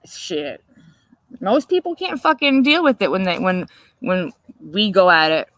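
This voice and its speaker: A woman hosting a casual livestream, telling a story in a profane, animated way and laughing often. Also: on the low side, a little slow, no room sound. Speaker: livestream host.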